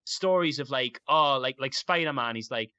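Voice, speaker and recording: A man's voice: medium pitch, moderate pace, pushed and bright, clean tone, no echo, highs cut off. A young man chatting casually and enthusiastically, rambling with lots of fillers. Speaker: podcast guest. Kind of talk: casual chat.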